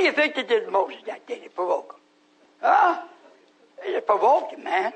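High, bright-voiced preaching man. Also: big pitch swings, normal speed, vocal fry, pauses often, poor audio. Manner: scolding, preachy, rising to shouts. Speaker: pastor. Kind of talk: sermon.

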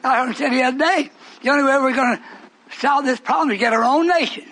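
A male preacher delivering a fiery sermon, swinging from low murmurs to high shouted preaching. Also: quick pace, rough recording.

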